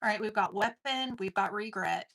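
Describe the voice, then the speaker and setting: A woman's voice: medium pitch, moderate pace, a bit bright. A woman giving an intense collective tarot reading, swearing casually and calling the listener "dude". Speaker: tarot card reader.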